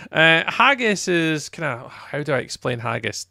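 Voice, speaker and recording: A man's voice: on the high side, sing-song, measured pace, bright, forceful tone, no room sound, studio quality. A Scottish man streaming a game live, chatting casually with viewers in a rambling way and laughing easily. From Scotland. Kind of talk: casual chat while playing a game live.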